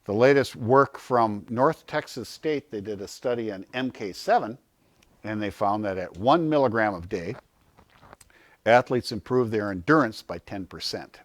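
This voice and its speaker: A man with a fairly low voice speaks at a normal pace with no echo, giving an informal health talk to a small audience. He's an animated storyteller who acts out quotes in a raised voice and poses questions to himself, then answers them.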